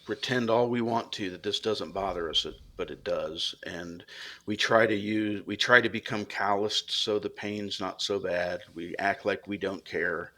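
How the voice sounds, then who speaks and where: Earnest low-voiced man. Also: sharp tone. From United States. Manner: earnest, reflective, halting with restarts. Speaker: podcast guest, reserve police officer. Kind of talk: casual interview talk.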